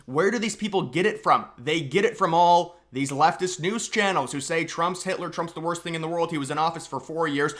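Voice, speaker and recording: A man's voice: on the high side, a little fast, hardly any pauses, fairly bright tone. A young man giving a casual political commentary rant, full of sarcasm and mocking, exaggerated outbursts.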